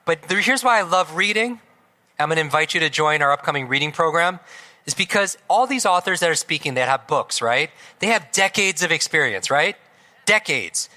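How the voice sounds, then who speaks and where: Bright, energetic male stage speaker. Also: fairly high pitch, normal speed. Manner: energetic, asks the audience questions, tags lines with "right?". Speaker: motivational speaker. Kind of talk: live stage talk. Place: event hall before a live audience.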